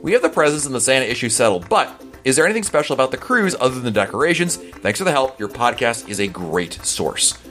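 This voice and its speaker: Fast-talking, animated male podcast host. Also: mid-range voice, soft background music. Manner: chatty, rambling, answers listener emails. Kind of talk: casual podcast chat.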